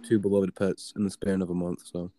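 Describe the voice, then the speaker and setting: Young guy, low warm voice, rambly swear-y podcast chat. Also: level tone, fairly quick, slight background noise. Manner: rambling, filler-heavy, profane. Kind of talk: casual storytelling chat.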